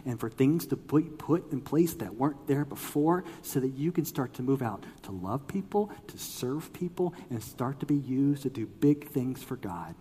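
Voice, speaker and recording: A man preaching a sermon, telling a story with lively, acted-out quotes and swings between loud emphasis and quiet lines. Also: mid-range voice, normal speed, hardly any pauses, husky. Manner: animated storytelling, acts out quoted voices. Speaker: pastor. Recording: long hall reverb.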